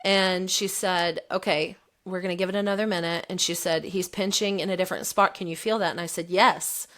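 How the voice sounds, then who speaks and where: A woman's voice: fairly low pitch, a little fast. Candid woman retelling a story. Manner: candid, animated retelling, voicing the quotes. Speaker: podcast guest. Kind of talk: personal storytelling in an interview.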